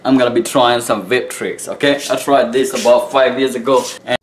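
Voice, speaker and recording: A man's voice: medium pitch, steady tone, brisk, a little hiss or hum. A man talking casually to camera in a vlog, offhand and matter-of-fact. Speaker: online video creator.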